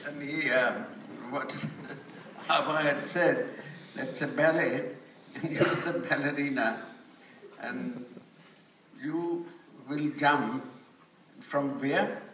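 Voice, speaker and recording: An older man on a conference panel, speaking slowly and deliberately as he retells a story. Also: a little high. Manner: very slow, deliberate delivery. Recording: echoey hall, distant mic, noisy crowd. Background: audience laughter.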